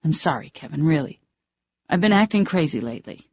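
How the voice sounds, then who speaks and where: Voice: mid-range voice, lively intonation, fairly quick, darkish tone, breathy edge. An audiobook narrator voicing a flustered, embarrassed young woman who keeps apologizing, in a raised, anxious voice. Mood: apologetic. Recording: dry, slightly dull audiobook recording.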